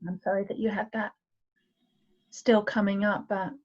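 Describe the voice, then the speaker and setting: A woman's voice: mid-range voice, little pitch movement, moderate pace, a little mellow. A woman in a healing circle on a video call, speaking earnestly and affectionately to the others. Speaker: participant in a women's healing circle. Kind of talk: emotional sharing in an online circle. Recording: dull lo-fi sound.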